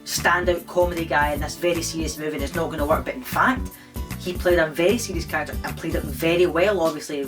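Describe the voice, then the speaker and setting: A man talking casually to camera, reviewing his favourite film in a chatty way full of "don't get me wrong" asides. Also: on the high side. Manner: chatty, repeats "don't get me wrong" and "I'm not gonna lie".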